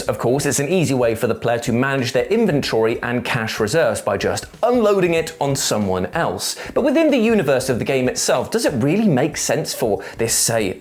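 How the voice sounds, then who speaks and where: Playful games narrator. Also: medium pitch. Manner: playful, jokey, animated asides. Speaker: video narrator. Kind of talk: scripted comedic commentary.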